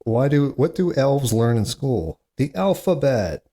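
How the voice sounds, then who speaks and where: A podcast host reads corny jokes on his solo comedy show, groaning at them himself and tossing in chatty, self-mocking asides. His medium-pitched voice is sing-song, unhurried and mellow with a breathy edge.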